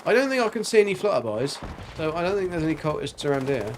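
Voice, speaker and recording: A man's voice: on the high side, very animated, fast, slight background noise. A man streaming a video game, chatting casually and rambling with jokes and silly sound effects. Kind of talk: casual gameplay commentary.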